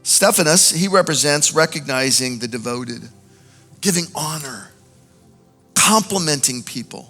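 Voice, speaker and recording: Male pastor, sermon, animated delivery, pitched a bit high, long reverb, faint music. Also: measured pace. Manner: animated, swings between loud exhortation and quiet intimacy. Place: large church auditorium.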